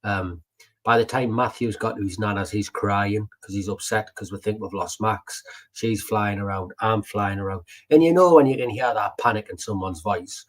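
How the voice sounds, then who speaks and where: Chatty man, low voice. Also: moderate pace. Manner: chatty, swears, tells stories with many fillers. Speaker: podcast co-host. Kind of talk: casual chat.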